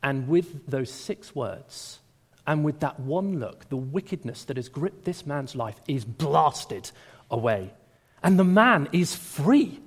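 A man preaching a sermon to a gathering, speaking with animated emphasis and raising his voice on quoted lines. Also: a little high, slow pace, husky. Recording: reverberant hall.

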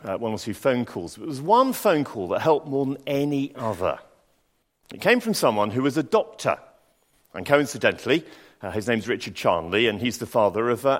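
Man preaching in a reverberant hall. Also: lowish voice. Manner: reads scripture slowly, then tells stories with dry asides. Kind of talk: sermon.

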